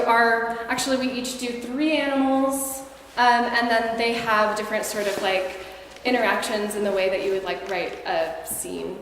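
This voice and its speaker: Woman, high voice, unhurried, hesitant stage chatter; live hall, heavy reverb. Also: fairly bright tone, slight background noise. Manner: hesitant, many fillers and restarts, self-conscious. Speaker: musician performing live. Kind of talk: casual stage banter. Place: live concert venue with audience. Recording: echoey hall, room mic, from a distance.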